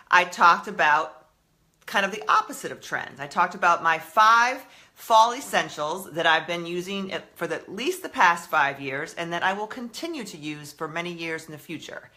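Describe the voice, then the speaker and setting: Breathless rambling lady on a live stream, bright voice, restarts a lot. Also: medium pitch. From Massachusetts, US. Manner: chatty, rambling, self-interrupting. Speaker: style blogger hosting a live stream. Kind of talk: casual live-stream chat.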